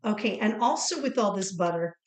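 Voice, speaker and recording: A woman's voice: medium pitch, expressive, brisk, reverberant, background noise. A woman from Ohio co-hosting a cooking podcast, chatting and telling stories while she cooks in a home kitchen. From Ohio, USA. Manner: chatty, storytelling, laughs often. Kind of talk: casual chat while cooking.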